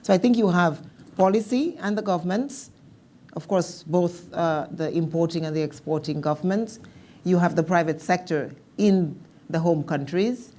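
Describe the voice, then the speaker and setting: A woman speaking as a panelist in a policy discussion, measured and thoughtful, with some restarts. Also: lowish voice, mellow.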